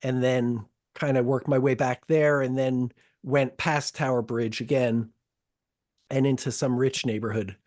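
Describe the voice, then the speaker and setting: A man's voice: medium pitch, fairly even intonation, unhurried, darkish tone. Rambling, profane male podcast host. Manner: rambling, profane, self-interrupting storyteller. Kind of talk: casual podcast chat.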